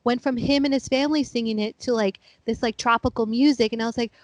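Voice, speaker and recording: Animated, chatty woman in her thirties, fairly high. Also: fast talker, dry recording. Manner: animated storyteller, acts out family members; laughing, chatty. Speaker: podcast co-host. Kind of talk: casual chat.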